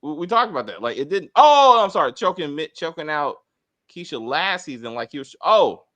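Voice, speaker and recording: A middle-aged man hosting a casual TV review chat, rambling, swearing and talking in an animated way. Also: fairly high pitch, fairly quick. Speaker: TV review host.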